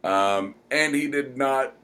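A man co-hosting a podcast, chatting casually and rambling with many pauses. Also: medium pitch, pushed and bright. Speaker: podcast co-host. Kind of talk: casual chat.

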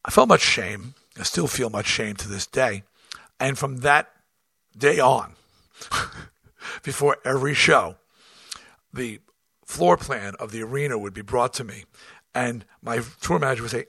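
A middle-aged man hosting his own show, telling a road story in a blunt, profane, animated way. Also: mid-range voice, a little slow, vocal fry, long pauses, breathy edge, no room sound, clean studio sound. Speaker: host. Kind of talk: storytelling monologue.

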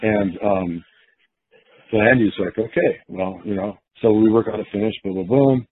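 A man's voice: on the low side, moderate pace, husky, no echo. A man casually telling a long story, acting out the quotes of the people in it, with many restarts. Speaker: guest storyteller. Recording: tinny phone-like line.

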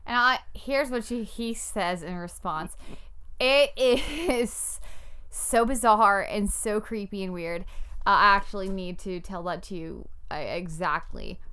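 A woman co-hosting a podcast, talking about a show in an animated, amused way and laughing easily. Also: medium pitch, measured pace, soft background music. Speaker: podcast co-host. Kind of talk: casual chat recapping a show.

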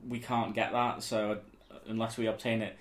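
A man's voice: lowish voice, level tone, moderate pace, crowd noise. A man co-hosting a casual podcast chat, teasing his co-host and laughing often. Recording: echoey room.

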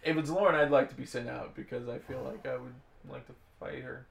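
A man bantering casually while playing a game, excitable and prone to yelling catchphrases. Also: medium pitch, brisk, creaky, reverberant, slight background noise.

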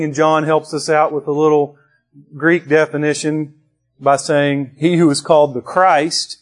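Male pastor, slightly higher voice, slow deliberate sermon delivery, conversational with emphatic lifts. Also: flat delivery. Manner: slow, conversational preaching with restarts and rising emphasis.

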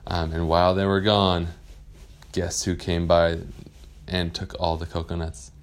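A man telling an improvised bedtime story in a relaxed, rambling way. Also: low voice, a little slow, clean tone.

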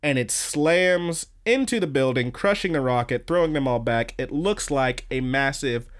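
A man in the middle of an easygoing podcast recap, talking at an average pitch and pace. He rambles through the episode, swearing freely and stopping often to restart his sentences. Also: lively intonation, normal speed. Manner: rambling, profane, lots of fillers and restarts. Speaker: podcast host. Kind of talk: casual anime episode recap.

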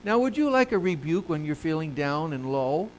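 A male pastor preaching a sermon who asks the congregation questions and answers them himself, moving between soft low asides and loud emphatic rises. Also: sing-song, moderate pace, a little hiss or hum, rough recording.

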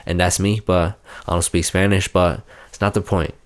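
A man's voice: sits low, little pitch movement, normal speed. A young man hosting a podcast, rambling and swearing as he reads aloud from his phone and mocks himself. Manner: profane, rambling, self-mocking. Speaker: podcast host. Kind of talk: casual chat, reading aloud from a phone.

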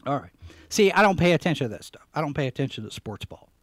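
A fast-talking man with a voice on the high side, big pitch swings, and a slightly bright tone hosts a live podcast with no echo. His news commentary is casual and rambling, with repeated phrases for emphasis and many fillers.

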